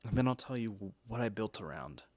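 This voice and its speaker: A man with a lowish, expressive voice talks briskly with no echo, hosting a casual chat where he reviews energy drinks and decks. He's chatty and jokey, throwing in lots of asides and tag questions.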